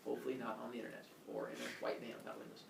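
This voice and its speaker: A male teacher giving a jokey, animated lecture to his class. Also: medium pitch, rapid-fire, creaky, slight background noise. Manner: jokey, animated, lots of uh fillers and voices. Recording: echoey classroom, camera far off.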